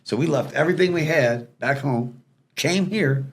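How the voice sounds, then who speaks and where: A man's voice: on the high side, slightly rough. A man casually telling stories as a podcast guest, acting out the people in them. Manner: fast, animated storyteller acting out quoted people. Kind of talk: casual storytelling.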